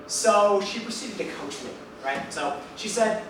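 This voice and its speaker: A man in his twenties performing a one-man stage monologue, telling his story with animated asides to the audience. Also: sits high, measured pace, few pauses. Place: live theater stage with audience. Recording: echoey stage recorded from far off with audience noise.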